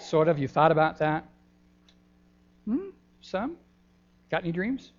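An older man, a pastor giving a gentle, folksy children's sermon in a church, pausing often with ums. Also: on the high side, big pitch swings. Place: church sanctuary. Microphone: handheld microphone. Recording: dull lo-fi church recording.

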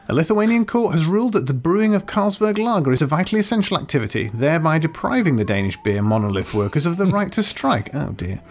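A man co-hosting a casual radio show, reading odd news items with giggles and teasing asides. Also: on the high side.

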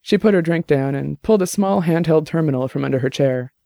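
A man narrating a novel in a steady, even reading voice. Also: a little high, brisk, gravelly, no room sound, studio quality.

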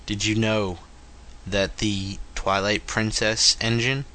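Male podcast co-host, low but bright voice, rambling casual gaming chat. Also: level tone, slow. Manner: rambling, jokey, mocks companies in made-up dialogue.

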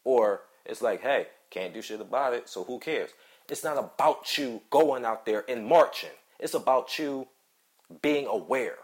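Guy ranting hard on his own show, cussing and repeating himself, mid-pitched voice. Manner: heated, profane, repetitive ranting. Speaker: podcast host. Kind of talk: angry solo commentary.

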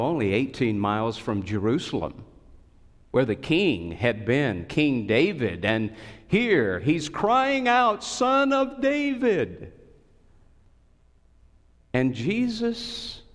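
A man preaching a sermon as a pastor, telling a story with expressive swings and sudden high cries. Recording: long reverb of a large hall.

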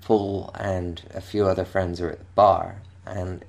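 A man from England with a very low, gravelly voice tells a long, meandering story. He keeps stopping and restarting his sentences and breaks into laughter as he talks. His speech is loose and relaxed, like casual chat. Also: measured pace. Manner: rambling, self-interrupting, laughing storyteller. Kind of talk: casual anecdote.

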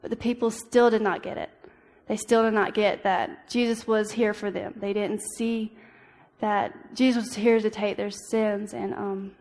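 Earnest young woman speaking in an echoing hall. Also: mid-range voice. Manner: earnest, halting, with frequent ums and restarts. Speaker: speaker giving a church devotional. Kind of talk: personal testimony talk. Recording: long reverb of a hall.

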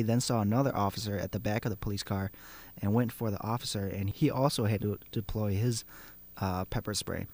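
A man's voice: on the low side, darkish tone. A man hosting a casual news show, reading stories aloud with fillers and restarts.

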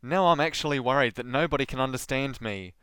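Male podcast host, Southland Kiwi accent, smooth voice, dead-dry close mic, wry scripted read. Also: mid-range voice, fast, a bit bright, no echo. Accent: Southland New Zealand. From New Zealand.

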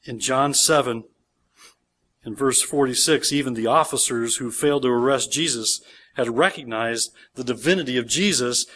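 Higher-voiced man preaching a sermon. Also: a bit bright. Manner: expository preaching, reading scripture aloud with emphasis. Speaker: pastor. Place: church.

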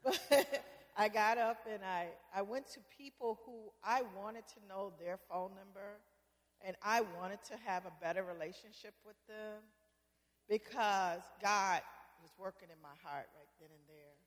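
A woman with a Southern US accent sharing a lively personal testimony before a congregation, laughing as she tells her story. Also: medium pitch, a little slow. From Southern United States. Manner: animated, laughing, storytelling with quoted self-talk. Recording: echoey hall.

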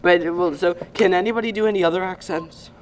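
A man's voice: high voice, steady tone, fast talker, background noise. A young man co-hosting a casual podcast, chatty and rambling, laughing often. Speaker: podcast co-host. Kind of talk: casual chat.

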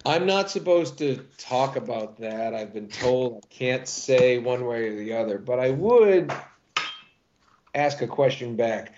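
A man's voice: medium pitch, unhurried, muffled recording, a little hiss or hum. A middle-aged man, a voice actor guest, telling stories animatedly with frequent restarts. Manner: animated storyteller with many restarts. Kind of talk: interview chat.

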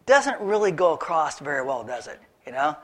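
A man preaching a sermon, retelling a Bible story in a lively, animated storytelling way. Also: on the high side, normal speed. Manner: animated storytelling, acts out characters. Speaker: pastor.

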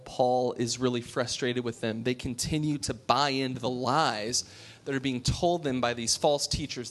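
A man preaching a conversational sermon to a small congregation in a room, speaking frankly and informally with frequent restarts. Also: mid-range voice.

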